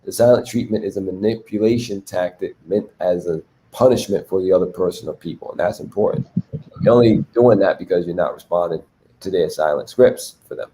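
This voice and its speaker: A man with a low, mellow voice speaks briskly while hosting a relationship talk on a video call. He teaches a group about abuse, leaning on many rhetorical questions.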